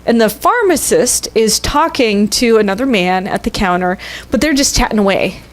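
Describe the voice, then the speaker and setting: A woman minister telling a story in a sermon, conversational and expressive. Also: medium pitch, normal speed. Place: church sanctuary.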